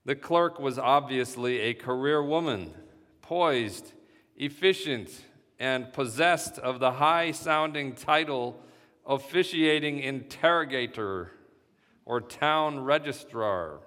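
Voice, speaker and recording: A man reading a story aloud in a measured, deliberate way. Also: medium pitch, a bit bright. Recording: reverberant hall sound.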